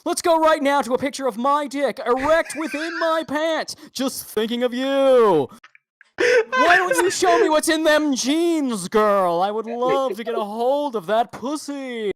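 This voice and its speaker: A podcast speaker putting on the voice of an over-the-top male newscaster doing dirty talk, with a booming announcer delivery. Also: a little slow, background noise. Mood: lewd, bombastic. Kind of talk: comic impression in podcast chat.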